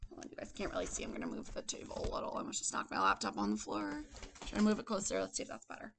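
A woman's voice: medium pitch, wildly swooping pitch, very fast, creaky, a bit bright, slight background noise. A woman teaching a circle-time lesson to young children, prompting them in a patient, sing-song way, recorded on a laptop microphone indoors. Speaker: preschool teacher. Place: indoor room with a table.

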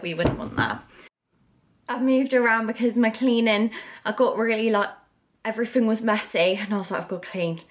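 A woman, chatting casually to camera in a vlog and gushing when she gets excited. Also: mid-range voice. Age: 20s. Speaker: vlogger.

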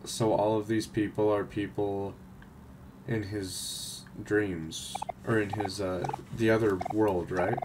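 Sleepy low-key man over loud noise. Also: steady tone, slow. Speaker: game player. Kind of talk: let's play commentary.

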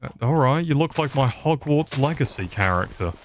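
A man's voice: medium pitch, lively intonation, normal speed, a little hiss or hum. A young man giving sarcastic, rambling commentary over a game, swearing often. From England. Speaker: gaming YouTuber. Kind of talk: casual gameplay commentary.

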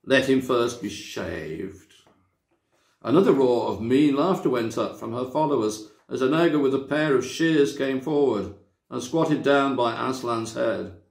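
Gravelly man reading a storybook aloud. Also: medium pitch, darkish tone. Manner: measured, dramatic storytelling. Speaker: church member reading aloud. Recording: echoey room.

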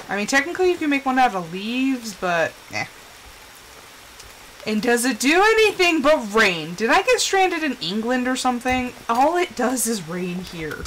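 In poor audio with a little hiss or hum, a woman from the Southwestern United States chats through a game on stream at normal speed, rambling and talking to herself amid frequent fillers. Her slightly bright voice sits on the high side and swings widely in pitch.

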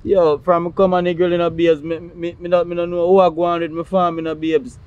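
Brief: a man acting as a stressed Jamaican farmer, slightly high voice, pleading and repetitive. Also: level tone, brisk, a little mellow, clear, resonant tone, lo-fi sound, natural voice. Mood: distressed. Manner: pleading, says "babes" constantly. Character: distraught country farmer, adult man. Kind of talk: low-budget film acting.

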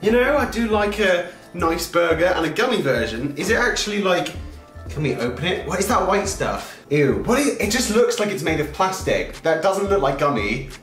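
A young man hosts a food taste-test vlog in an animated, exclaiming way, his pitch jumping around. His voice sits a little high. The room is echoey, with faint music underneath. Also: moderate pace. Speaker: YouTuber host.

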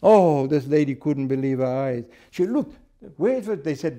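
Halting, mellow-voiced male Bible teacher. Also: a little high, expressive. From South Africa. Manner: conversational, halting, repeats words. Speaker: Sabbath school teacher. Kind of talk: church Bible lesson with storytelling.

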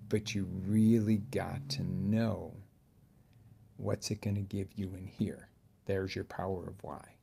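A man, a fitness coach, giving an animated motivational talk, jumping from loud outbursts to hushed asides. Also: on the low side, gravelly, a little hiss or hum.

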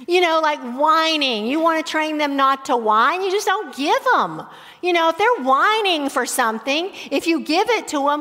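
A middle-aged woman teaching a Bible study on parenting, talking in a conversational, animated way. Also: sits high, normal speed. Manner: conversational, animated, with laughs and acted-out examples. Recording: echoey hall with long reverb.

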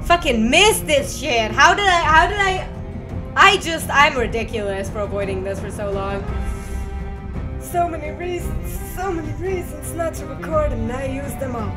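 A young woman commentating a video game she is playing, excitable, swearing freely and shouting at the screen. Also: high voice, normal speed. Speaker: gaming video host. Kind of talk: let's play commentary. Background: game music and sound.

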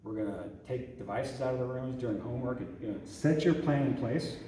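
A man with a low, mellow voice talks to a room of parents, tossing in "okay?" and "right?" as he goes. He is heard from far off in a church hall with long, echoing reverb. A faint room hum sits behind him. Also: brisk. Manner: conversational, checks in with "okay?" often. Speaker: youth ministry director giving a parent talk. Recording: echoey hall recorded from far off.

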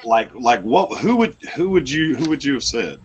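A man hosting a live-streamed singing show, rambling and halting with frequent laughs. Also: mid-range voice, sing-song, lo-fi sound, a little hiss or hum. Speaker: host.

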